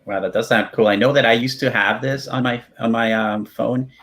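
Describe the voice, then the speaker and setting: A man's voice: medium pitch, fairly even intonation, normal speed, fairly bright tone. A man hosting a casual live panel chat, asking curious follow-up questions. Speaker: host.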